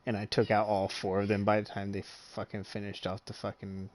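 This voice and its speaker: A young man, a gaming streamer, telling a long story in casual chat, swearing freely and laughing often as he gets animated. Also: on the low side, fairly quick.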